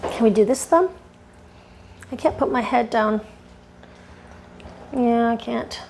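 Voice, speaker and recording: Gravelly, higher-voiced woman groomer. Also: takes it slowly, a little mellow, a little hiss or hum. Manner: coaxing and firm with a dog, chatty asides to viewers. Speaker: dog groomer. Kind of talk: grooming tutorial talk. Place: grooming table indoors.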